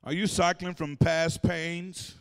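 A male pastor preaching a sermon, calling out to the congregation and breaking into shouted and sung phrases. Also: fairly high pitch, steady tone, slow pace, smooth, big-room sound. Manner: call-and-response preaching, shouting and singing phrases. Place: church sanctuary.

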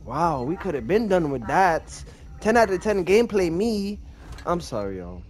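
A man's voice: high-pitched, big pitch swings, normal speed. A man giving casual gameplay commentary, apologetic and rambling, with a lot of slang and self-mockery. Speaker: gaming video creator.

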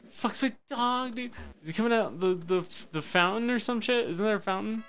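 A man streaming a game live, cursing and talking to himself, swinging between loud high yelps and low muttering. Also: measured pace. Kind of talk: live gameplay commentary.

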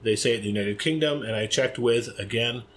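American guy co-hosting a chatty podcast, rambly and jokey, laughs a lot, plain middle pitch. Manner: playful, rambling, quick to laugh. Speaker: podcast co-host. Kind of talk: casual podcast chat.

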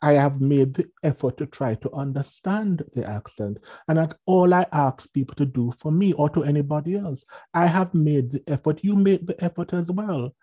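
A man's voice: fairly high pitch, normal speed, hardly any pauses, warm tone, breathy edge. A man with a Jamaican accent, a minister speaking earnestly and reflectively, often repeating words as he searches for them.

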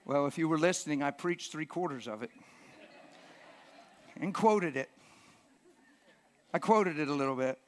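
A man preaching a live sermon in a church, emphatic, often dropping to a hushed whisper. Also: a little high, moderate pace, long pauses. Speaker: pastor.

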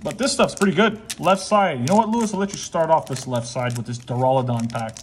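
A man's voice: fairly high pitch, brisk, a little hiss or hum. A man hosting a casual card-opening chat with a friend, joking and teasing while calling out the cards. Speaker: channel host.

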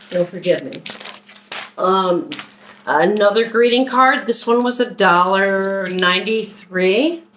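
This vlogger from Philadelphia has a low-leaning voice, captured on a low-quality recording with a little hiss or hum. Unpacking her shopping haul piece by piece, she chats in a relaxed, unhurried way for her casual haul video.

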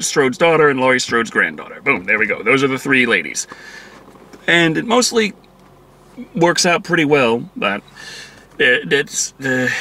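A man's voice: on the high side, bright, forceful tone. A man giving a casual, profane movie review, exasperated and acting out quotes from the film.

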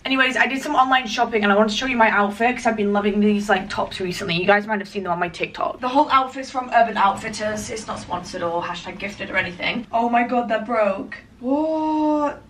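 A woman's voice: on the high side, brisk, few pauses, a bit bright. Chatty, self-mocking young woman vlogging. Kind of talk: casual vlog talk to camera.

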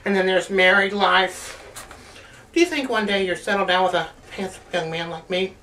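A man's voice: high voice, normal speed, bright, forceful tone. A man co-hosting a casual movie chat, joking and rambling. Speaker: co-host. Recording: distant mic with faint noise.

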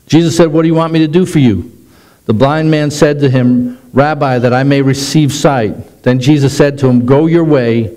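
A middle-aged man, a pastor, preaching a sermon with animated delivery that slows down for emphasis. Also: mid-range voice, poor audio.

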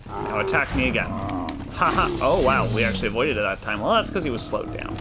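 A let's play gamer chats casually over game music and sounds, cracking mock-corny puns he laughs at and swearing now and then. His lowish voice is very animated and fairly quick, with some vocal fry.

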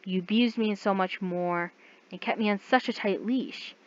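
A woman's voice: mid-range voice, normal speed, dull audio, close to an everyday voice. Woman reading as a defiant, frightened heroine. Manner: defiant, shouting back.

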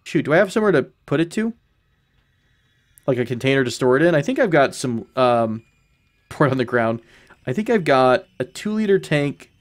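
A man casually commenting on his own gameplay, thinking out loud, correcting himself and chuckling now and then. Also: medium pitch, very animated, moderate pace, long pauses. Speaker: gaming channel host. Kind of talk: casual let's-play commentary.

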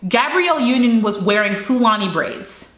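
A woman's voice: a little high, animated, normal speed, a bit bright. Impassioned young woman in an echoey room. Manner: emphatic, repeats phrases for weight, rhetorical questions. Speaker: commentary channel host. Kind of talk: impassioned personal commentary.

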